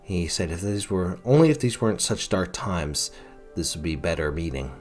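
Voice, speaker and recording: A man's voice: low voice, normal speed, a little mellow, soft background music. A man narrating his role-play playthrough of a fantasy video game, retelling the characters' lines in his own words with some fillers.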